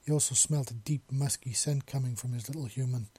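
A man narrating a story in a steady, even reading. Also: mid-range voice, a little fast, husky.

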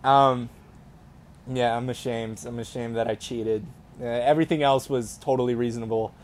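A man's voice: mid-range voice, fairly even intonation, normal speed, slight background noise. A young man co-hosting a casual podcast, telling a story in a rambling way with many fillers and restarts. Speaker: podcast co-host.

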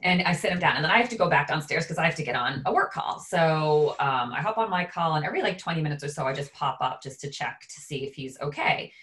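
A woman in her thirties, a podcast co-host, telling a story in a casual, animated way. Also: low voice, quick pace, few pauses. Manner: animated, acts out quoted voices.

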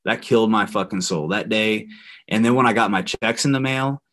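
A young man with a lowish voice tells a story in a casual, heated way. He swears constantly and talks freely. He sounds like a podcast guest going off on a rant. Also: moderate pace, a bit bright. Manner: profane, heated, swears often. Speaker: podcast guest, former wrestler.

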